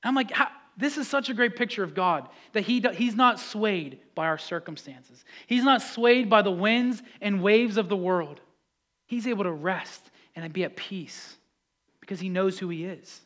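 A man preaching a sermon, talking with the congregation, swinging from loud pleading passages to hushed calm ones. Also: high-pitched, normal speed. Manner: builds to loud impassioned pleas, then drops to hushed calm; conversational preaching with audience questions. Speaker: pastor.

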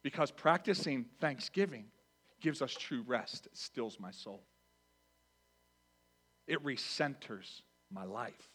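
A man preaching a sermon to a church congregation, animated, dropping to a hush and then rising to loud lines. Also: medium pitch, slow, pauses often, breathy edge, faint music behind. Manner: animated, swings from hushed to loud acted quotes. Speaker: pastor.

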